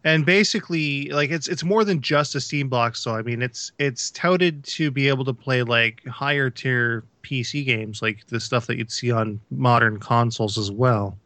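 Bright, tense-voiced man explaining. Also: medium pitch, moderate pace, few pauses, no room sound. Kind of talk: casual podcast chat.

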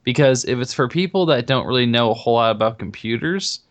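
A man co-hosting a casual podcast. He talks in a relaxed, halting way, often stumbling over repeated words as he works out his point. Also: medium pitch. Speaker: podcast co-host.

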